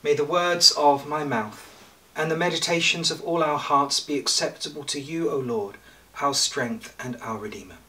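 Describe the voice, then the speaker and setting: Man, priest, sermon, measured with pauses and light humour, bright tone, recorded from a distance. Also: on the high side. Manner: measured preaching with jokes and pauses. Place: church.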